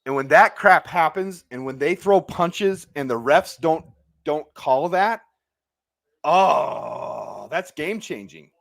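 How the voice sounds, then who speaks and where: A man's voice: on the high side, animated, takes it slowly, gravelly. A man hosting a live watch party, reacting to the game play by play and ranting angrily at the referees. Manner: agitated, ranting play-by-play, yelling when angry. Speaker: sports watch party host.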